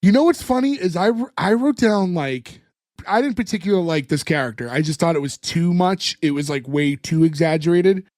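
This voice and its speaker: Fast-rambling podcast guy, dry mic. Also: fairly high pitch, lively intonation, darkish tone, dry recording. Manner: rambling, lots of fillers, retells scenes. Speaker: podcast co-host. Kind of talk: casual chat recapping a TV episode.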